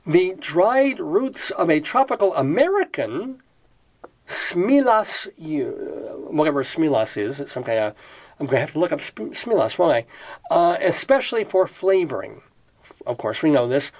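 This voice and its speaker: A man hosting a casual show about dictionary words, rambling, joking and thinking aloud as he reads definitions. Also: fairly high pitch. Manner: chatty, digressive, jokey, thinks aloud while reading definitions. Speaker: host of a dictionary word show.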